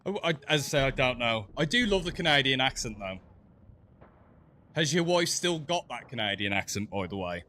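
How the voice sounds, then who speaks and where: Bright-voiced chatty English man, Black Country accent. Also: medium pitch, very animated, normal speed. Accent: Black Country English, softened. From English West Midlands. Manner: chatty, laughs often, stumbles over words. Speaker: streamer. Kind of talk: casual chat while gaming.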